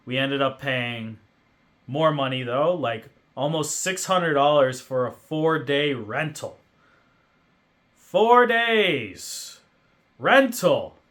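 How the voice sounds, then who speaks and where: A man hosting a podcast, telling a casual story in a profane, ranting way that swings between mumbled asides and loud outbursts. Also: medium pitch. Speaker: podcast host.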